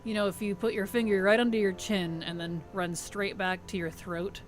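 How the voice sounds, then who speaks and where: A woman's voice: mid-range voice, little pitch movement, moderate pace, faint music behind. A woman streamer in casual livestream chat, thanking subscribers, answering chat and giggling often.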